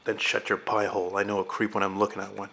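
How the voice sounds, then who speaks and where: A man voicing a loud, bullying older male junkyard boss who scolds and swears. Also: on the low side, monotone, fast talker, creaky, slight background noise.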